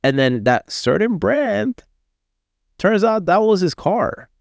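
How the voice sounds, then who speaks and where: A man's voice: high-pitched, slow pace, creaky, no echo, clean studio sound. A man from Miami in his thirties, a visiting artist telling a long story in casual, profane talk, acting out the people he quotes. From Miami, USA. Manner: profane, animated, acts out quoted voices. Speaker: artist guest.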